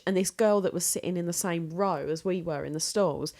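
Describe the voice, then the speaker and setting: A woman from England co-hosting a podcast, telling an anecdote in an animated way and swearing now and then. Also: fairly low pitch, brisk. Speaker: podcast co-host. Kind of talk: casual storytelling chat.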